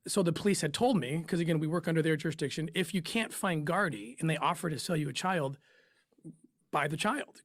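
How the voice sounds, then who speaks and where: A man's voice: fairly high pitch, dry recording. Emotional man, dry close sound. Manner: emotional, halting, with pauses and restarts. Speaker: interview guest, former undercover operative. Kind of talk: emotional personal storytelling.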